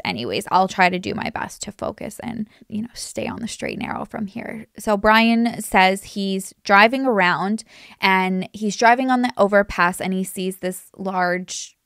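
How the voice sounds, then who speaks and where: A woman hosts a casual true crime commentary, rambling with many restarts. Her voice has a gravelly vocal fry, and the recording is dry and close. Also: mid-range voice, fairly bright tone, dry recording. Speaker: true crime YouTuber host.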